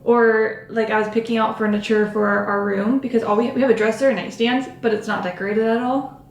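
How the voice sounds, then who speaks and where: A woman's voice: fairly high pitch, fairly even intonation, brisk, reverberant, slight background noise. A young woman vlogging at home, rambling and chatty with lots of fillers as she talks to the camera while doing her makeup. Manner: rambling, filler-heavy, self-interrupting. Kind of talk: chatty vlog talking to camera.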